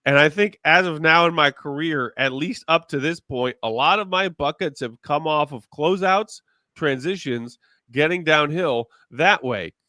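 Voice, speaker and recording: A man's voice: a little high, unhurried, bright, forceful tone, dry recording, studio quality. A man co-hosting a sports podcast, incredulous and sarcastic, mocking a player with made-up quotes. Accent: Chicago. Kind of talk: heated sports talk.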